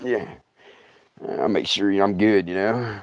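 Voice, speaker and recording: A man's voice: on the low side, moderate pace, no echo. A middle-aged man spins a yarn in a loose, drawling voice, sinking to near-whispers for the tense bits and mimicking the noises he heard. The sound is dull and lo-fi, close and dry with no room around it. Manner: drawling, hushed, acts out sounds. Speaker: storyteller. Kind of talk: casual spoken storytelling.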